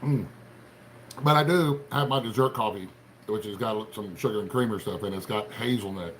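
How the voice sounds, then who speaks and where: A man with a lowish voice and an Appalachian accent hosts a casual livestream, greeting viewers by name as he rambles in a folksy manner. He's middle-aged, from Appalachian Ohio, and speaks at a normal speed with lively intonation over a little hiss or hum.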